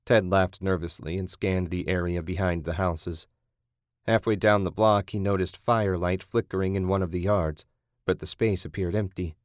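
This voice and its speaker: A man reading a horror story aloud in a steady, measured narration. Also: low-pitched, no room sound, clean studio sound. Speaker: audiobook narrator.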